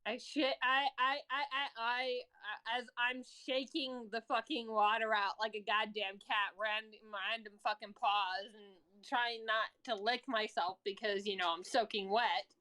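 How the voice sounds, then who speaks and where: High-voiced woman who swears a lot. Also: steady tone, unhurried, hardly any pauses, pushed and bright. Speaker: tabletop game player. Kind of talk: casual chat.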